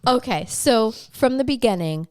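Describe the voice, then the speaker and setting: A woman's voice: a little high, expressive, moderate pace, clear, resonant tone, no echo. A woman co-hosting a true-crime podcast who talks in a chatty, self-deprecating way, laughs often and swears casually. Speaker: podcast co-host presenting the case.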